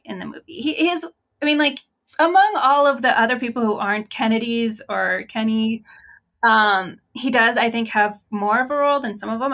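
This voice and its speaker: A woman's voice: a little high, fairly bright tone. A woman historian guest answering interview questions in a thoughtful, friendly way, laughing easily.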